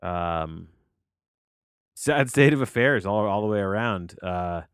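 A tired, low-energy man hosting a solo movie podcast from his home office, rambling and questioning himself as he talks. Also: lively intonation, slow pace, clean tone, no echo, studio quality. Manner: rambling, meandering, self-questioning. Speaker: podcast host and movie reviewer. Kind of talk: casual solo podcast monologue.

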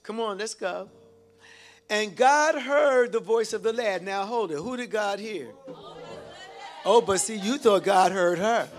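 A man preaching a sermon, reading scripture and calling out to the congregation for responses. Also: high voice. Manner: exhorting, calls out to the congregation.

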